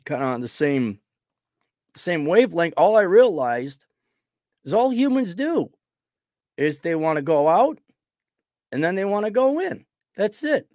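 A man's voice: high-pitched, big pitch swings, measured pace, long pauses, a little mellow, dry recording, studio quality. A man hosting a podcast, talking casually in a rambling, self-deprecating way while sick with a cold. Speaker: podcast host. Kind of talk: casual monologue.

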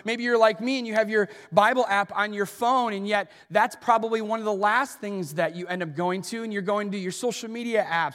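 A man preaching a sermon as pastor, telling funny self-deprecating stories in an animated way. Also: sits high, long reverb tail. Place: church auditorium.

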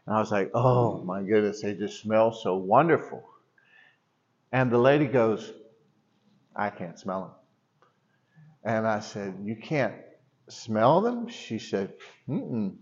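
A man's voice: fairly low pitch, animated, measured pace, dull audio. Rambling storytelling preacher man. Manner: rambling storytelling, many restarts. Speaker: pastor. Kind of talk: sermon. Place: church.

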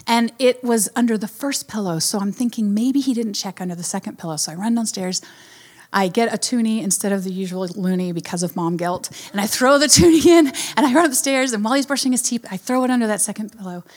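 A woman in her thirties telling a family story in a sermon, laughing often and acting out her son's lines. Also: on the high side. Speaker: speaker giving a devotional talk.

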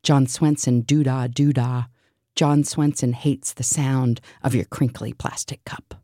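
Deep-voiced woman, deadpan surreal list reading, slow and mellow, dry close sound. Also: no echo. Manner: deadpan, absurd, listing. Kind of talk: surreal spoken word list.

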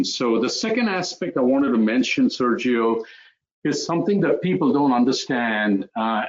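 A man, a physician, speaking reflectively in an interview, with many pauses and fillers as he tells stories. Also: mid-range voice, lo-fi sound. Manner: hesitant, many fillers, storytelling. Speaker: physician guest.

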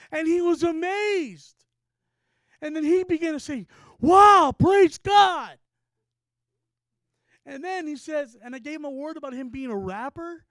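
A man from Texas preaching a sermon, telling a story with rising excitement and stammered repeats. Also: very high voice, no room sound.

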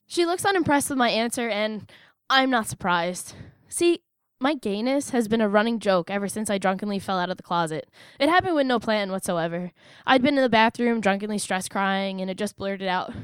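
A woman's voice: fairly high pitch, expressive, moderate pace, clean tone, dry recording, clean studio sound. A young American woman reading a first-person personal essay aloud, wry and emphatic, with sudden rises in her voice. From United States. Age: young adult. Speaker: narrator.

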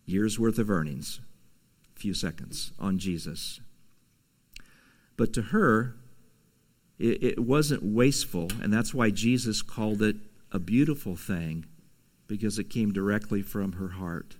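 A man preaching a conversational sermon, reading scripture and adding casual asides with soft laughs. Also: on the low side, measured pace, long pauses. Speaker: pastor.

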